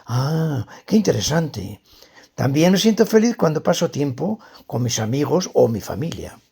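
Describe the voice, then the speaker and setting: A man's voice: a little high, sing-song, moderate pace, gravelly, warm tone, slightly rough, exaggerated voice. A tired stressed woman, as a man reads her lines. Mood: weary. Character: tired, stressed adult woman talking to a friend. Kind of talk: scripted dialogue reading.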